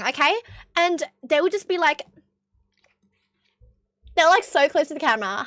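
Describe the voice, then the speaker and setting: A woman's voice: high voice, expressive, normal speed, pauses often, a bit bright, dry recording, studio quality. A young woman with an Australian accent chatting bluntly with her stream viewers, swearing often. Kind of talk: casual chat with stream viewers.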